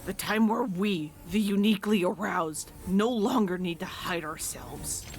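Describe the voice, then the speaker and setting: A woman voicing a grandiose villain of a pervert gang in a video game, declaring slowly and theatrically. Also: medium pitch, faint music behind, close to an everyday voice.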